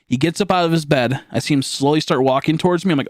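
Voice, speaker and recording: A man's voice: fairly high pitch, very fast, dry recording, studio quality. A male streamer telling a story in a casual, rambling way while he plays a game. He swears a lot, fills his talk with "like," and keeps laughing at his own tale.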